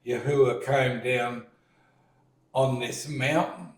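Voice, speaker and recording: A man leading a relaxed dining-table discussion, slowly retelling a story and acting out what people said. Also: medium pitch, recorded from a distance. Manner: slow storytelling, retells scenes with acted lines. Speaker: discussion leader. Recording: echoey room, voice set back from the mic.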